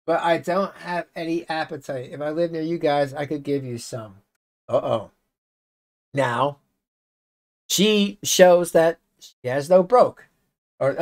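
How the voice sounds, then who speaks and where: A channel host reads messages aloud in casual commentary, speaking slowly at a medium pitch. Between readings he drops exasperated, sarcastic remarks.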